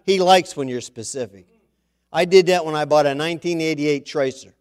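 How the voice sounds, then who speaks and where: Folksy, animated male pastor. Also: a little high, moderate pace, smooth. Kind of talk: sermon with a joke story.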